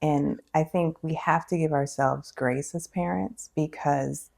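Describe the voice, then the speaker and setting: A woman's voice: low voice, fairly even intonation, measured pace, creaky, darkish tone. A woman guest, a counselor and author, talking casually and affirming often. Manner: affirming, frequent agreeing interjections. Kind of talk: casual conversation.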